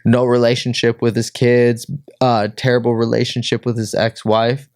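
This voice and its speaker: A man's voice: medium pitch, monotone, moderate pace, darkish tone, clean tone, no room sound, clean studio sound. A man from Minnesota, a pro fighter, telling his personal story as a guest, full of "like" fillers and acted-out quotes. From Minnesota, USA. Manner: heavy "like" fillers, acts out quotes.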